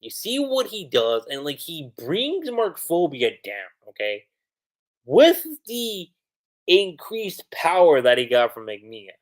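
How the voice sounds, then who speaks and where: A young man giving a casual, animated livestream recap and review of an anime episode, full of fillers. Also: fairly high pitch, slow.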